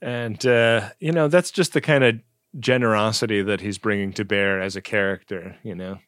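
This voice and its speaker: A man's voice: on the low side, fairly even intonation, moderate pace, fairly bright tone, no room sound, clean studio sound. A man co-hosting a podcast, retelling a TV episode in laid-back comedic chat, full of fillers and easy laughs. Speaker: podcast co-host. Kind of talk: casual comedic recap chat.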